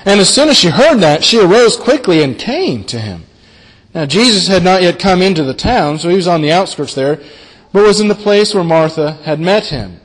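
A man preaching a sermon in a fairly high voice, earnest and often repeating his words. He slows down and falls soft on key phrases, and his voice rings with the long reverb of a large hall. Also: very animated. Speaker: pastor. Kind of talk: sermon on a Bible passage.

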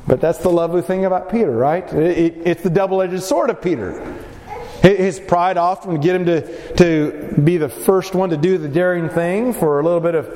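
A man preaching a sermon, reading scripture and acting out the quotes with lively emphasis. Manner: animated, acts out scripture quotes with rising pitch. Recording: reverberant hall with faint ambient noise.

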